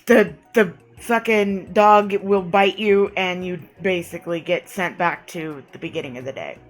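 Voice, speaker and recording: Woman streamer, sore throat, unhurried read-aloud of game text, faint game music behind. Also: lowish voice. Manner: reads game text aloud, breaks off to chat. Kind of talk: game playthrough, reading dialogue aloud.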